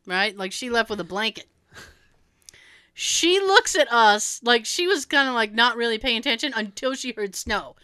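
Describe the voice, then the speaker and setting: A woman with a bright, crisp, fairly high voice, recorded close and dry. She chats casually and tells an everyday story, slipping into different voices for the people she quotes. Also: moderate pace, no echo. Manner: animated, acts out dialogue with quoted voices.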